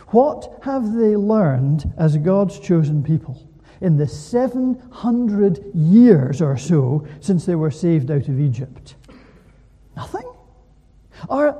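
A man preaching a sermon in an animated way, full of rhetorical questions, in a church. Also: sits high, husky, in a large hall.

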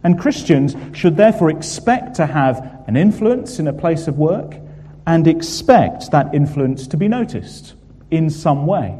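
A man's voice: fairly high pitch, sing-song, unhurried, mellow, slight background noise. A man from England preaching a sermon to a congregation, earnest and emphatic, with frequent fillers. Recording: long hall reverb.

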